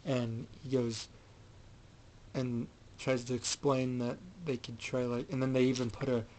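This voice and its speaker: A man's voice: mid-range voice, level tone, a little slow, darkish tone, rough recording. Rambling man recapping a film. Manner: rambling, many fillers and restarts. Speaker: film reviewer.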